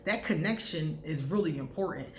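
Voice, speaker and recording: A woman vlogger giving casual, candid astrology advice to camera, talking freely and breaking into loud laughter. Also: low-pitched, expressive, moderate pace, reverberant, slight background noise.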